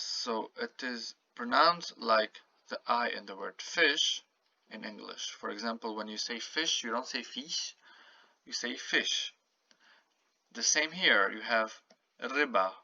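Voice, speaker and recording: A man with a gravelly, bright and forceful voice teaches a language lesson at an unhurried pace, repeating each word carefully so the learner can copy it. The recording is dry and a little dull, like a simple home setup. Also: medium pitch, no echo. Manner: slow, patient, repeats words to model pronunciation. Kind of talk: casual spoken language lesson.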